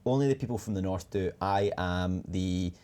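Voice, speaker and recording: A man's voice: low voice, normal speed, warm tone. A Scottish man co-hosting a casual game let's play. He chats, cracks puns and apologizes for them with a self-deprecating streak. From Scotland. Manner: jokey, punning, self-deprecating. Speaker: community manager, co-host.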